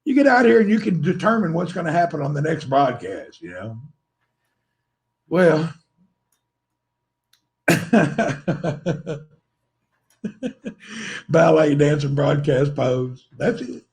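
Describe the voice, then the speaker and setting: A man's voice: a little high, expressive, slow, long pauses, a little mellow. A man hosting a livestream, rambling playfully and teasing his viewers, laughing often. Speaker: livestream host. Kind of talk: rambling joking livestream chat.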